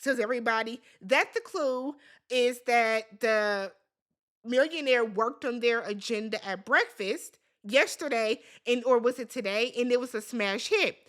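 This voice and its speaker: A woman with a high, bright voice recapping a reality show in a casual vlog. She talks animatedly and emphatically, gossiping and cursing freely as she tells the story. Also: measured pace.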